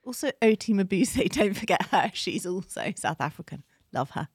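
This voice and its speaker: A woman's voice: mid-range voice, very animated, moderate pace, slightly rough, no room sound, clean studio sound. A woman from London co-hosting a podcast in casual, laughing chat, swearing freely. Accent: London English. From England. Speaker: podcast co-host.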